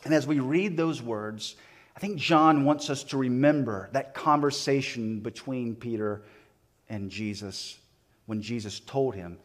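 A man's voice: mid-range voice, a little slow. A man pastor preaching a sermon, retelling a story and acting out the voices in it, with frequent small restarts.

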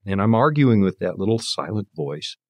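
A man's voice: on the low side, big pitch swings, normal speed, no echo, clean studio sound. A man in his fifties from Canada, telling his faith story as an interview guest and acting out the voices he quotes. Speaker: guest preacher. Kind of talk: personal testimony in conversation.

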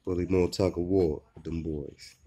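A man's voice: low-pitched, fairly even intonation, moderate pace, mellow. A man in a laid-back, joking vlog chat with his viewers about his dogs, often checking in with "you know what I mean". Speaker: dog owner and vlogger.

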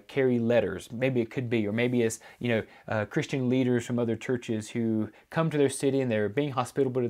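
A man's voice: medium pitch, a little mellow. Man preaching an explanatory sermon. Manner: explanatory, frequent fillers and restarts. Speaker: pastor. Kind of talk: sermon teaching.

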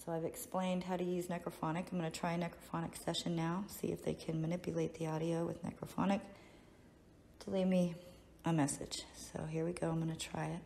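A woman realtor and ghost hunter asking spirits gentle, apologetic questions in an empty house. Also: fairly low pitch, little pitch movement, fairly quick, creaky. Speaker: realtor and paranormal investigator. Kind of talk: casual talk to spirits during a ghost hunt. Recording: loud hiss, air conditioner hum.

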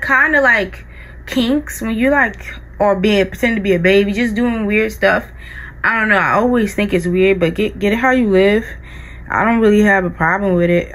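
A woman's voice: mid-range voice, fairly quick, a bit bright, rough recording. Chatty woman vlogger. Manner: rambling, full of likes and restarts. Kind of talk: casual chat.

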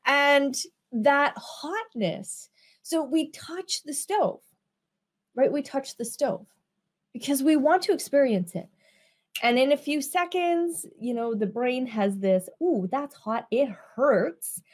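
Here a woman business coach chats to camera with a high-pitched voice and lively intonation. Her delivery is unhurried and drawn out, and she keeps checking that her listeners are following along.

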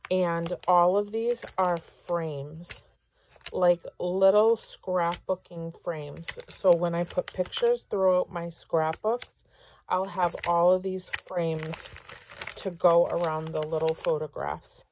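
A woman's voice: on the low side, fairly even intonation, takes it slowly, a little mellow, slight background noise. A woman vlogger opening mail from friends, gushing and effusive and moved to tears as she talks. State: tearful. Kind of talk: casual unboxing chat.

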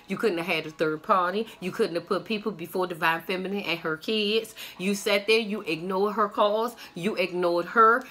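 A woman's voice: mid-range voice, pushed and bright. A woman doing a tarot reading on camera, talking in a blunt, sassy and profane way. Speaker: tarot reader.

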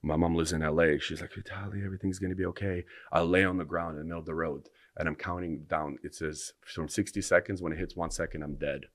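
A man's voice: very deep voice, level tone, fast talker, hardly any pauses, fairly bright tone, no echo, clean studio sound. A young man, a podcast guest, telling a long story in a rambling way, restarting his sentences and swearing freely. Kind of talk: casual storytelling in conversation.

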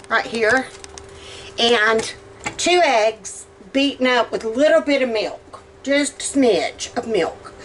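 Slow-talking Southern woman in her kitchen. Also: on the high side, a bit bright, slight background noise. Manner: chatty, rambling, with drawn-out words and many "um"s. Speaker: cooking vlogger. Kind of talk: casual cook-along chat. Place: home kitchen.

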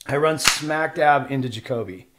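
A man's voice: normal speed, background noise. A middle-aged man from Washington State, a pro snowboarder, telling stories as a podcast guest and acting out the voices in them. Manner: animated storyteller who acts out quotes with jumps in pitch and loudness. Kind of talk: casual storytelling interview.

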